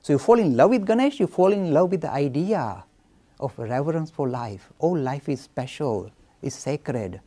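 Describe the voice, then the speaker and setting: A man giving a storytelling lecture on Hinduism with an animated delivery, acting out voices as he speaks. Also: fairly high pitch, moderate pace. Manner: animated, acts out voices, chuckles.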